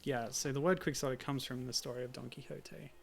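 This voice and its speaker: Gravelly man chatting over a game. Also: mid-range voice, steady tone, a little fast. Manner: rambling, self-deprecating. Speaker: streamer. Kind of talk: casual let's-play chat.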